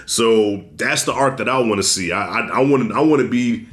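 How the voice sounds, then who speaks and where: A man co-hosting a casual horror movie review, blunt and profane, telling scenes with animated storytelling. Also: medium pitch, normal speed. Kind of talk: casual spoiler discussion.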